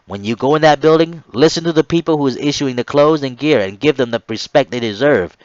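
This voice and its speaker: A man playing a harsh male navy drill instructor who yells and curses at recruits. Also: medium pitch, fairly quick, no echo, muffled recording, voice pushed up, close to an everyday voice. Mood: barking orders. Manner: yelling, cursing, barking orders.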